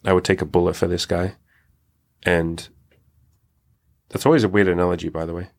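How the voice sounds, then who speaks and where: Young male podcast host, very low voice, candid and reflective, casual swearing. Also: little pitch movement, a little fast, creaky. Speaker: podcast host telling his own story. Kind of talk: candid personal storytelling.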